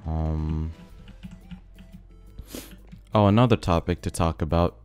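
A young man giving relaxed, rambling commentary over a game, his voice a bit rough from being sick. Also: sits low, slow pace. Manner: rambling, filler-heavy, laid-back. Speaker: gaming video host. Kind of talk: casual commentary over gameplay. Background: faint background music.

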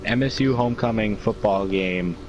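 A man's voice: lowish voice, normal speed, muffled recording, slight background noise. A young man, co-hosting a casual podcast, rambling through his own stories with many fillers. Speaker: podcast co-host. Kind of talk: casual storytelling chat.

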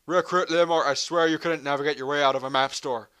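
Man doing a shouting drill sergeant, gruff and insulting, pitched up and loud. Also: fairly even intonation, fast. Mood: barking. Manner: barking insults.

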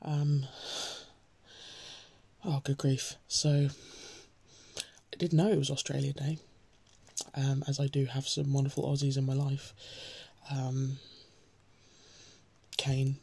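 A woman talks casually to her viewers and reads a poem aloud in a soft, husky voice. Her delivery stays fairly flat and mellow, and she often drops into a near whisper. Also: very deep voice, takes it slowly, pauses often, dry recording. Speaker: host of a daily poem reading. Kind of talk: casual chat and poetry reading.

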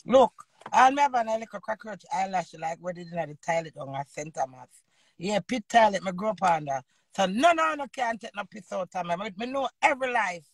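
A Jamaican woman in her fifties, an entertainer and host, ranting loudly in an unscripted live video and swearing freely. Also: mid-range voice, lively intonation, a little fast, no echo. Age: 50s. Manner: loud, combative, swearing freely.

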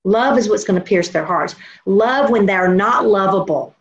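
A woman preaching a sermon in an earnest, storytelling way, slowing down to stress her points. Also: mid-range voice, lively intonation. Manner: earnest, storytelling, slows for emphasis. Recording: dull lo-fi recording.

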